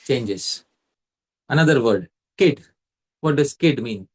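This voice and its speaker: A man's voice: medium pitch, expressive, slightly rough. Man teaching a scripture class. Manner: measured, quizzes a student by name. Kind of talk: explanatory lecture.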